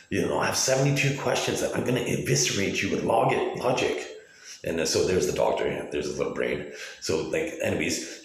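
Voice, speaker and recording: A man in his forties giving an agitated, profane, rambling monologue, full of restarts. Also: sits low. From Canada. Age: 40s. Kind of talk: ranting video monologue. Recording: very echoey room.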